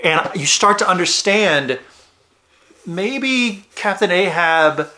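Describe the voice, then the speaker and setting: A man's voice: sits high, lively intonation, slow pace, bright, forceful tone. A man giving a casual, rambling and jokey board game review, talking straight to his viewers.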